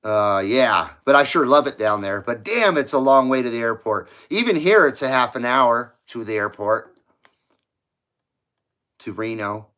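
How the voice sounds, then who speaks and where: A man's voice: medium pitch, animated, measured pace, bright, forceful tone. A man hosting a live stream, rambling casually as he reads viewer comments aloud and laughs often. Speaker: livestream host reading viewer chat. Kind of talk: casual chat.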